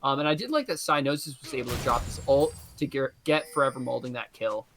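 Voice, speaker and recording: A man giving measured color commentary on a live esports match, pausing often with ums and uhs. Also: mid-range voice, animated, background noise.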